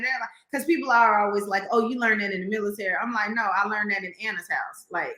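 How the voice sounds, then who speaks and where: A woman with a Southern American accent, a realtor talking in a lively, folksy way as a podcast guest. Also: mid-range voice, fairly quick, few pauses, echoey room. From Southern United States. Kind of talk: casual podcast interview.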